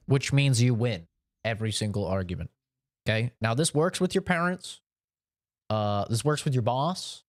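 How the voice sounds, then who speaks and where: A man's voice: medium pitch, dry recording, studio quality. A young man streaming a game, giving mock-serious life advice in a joking, preachy way. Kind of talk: casual gameplay commentary.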